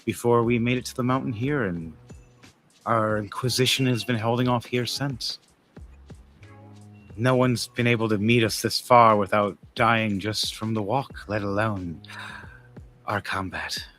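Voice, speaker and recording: Man playing a teasing snake-haired woman, low hushed voice, bright tone, faint music behind. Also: fairly even intonation, unhurried, pauses often.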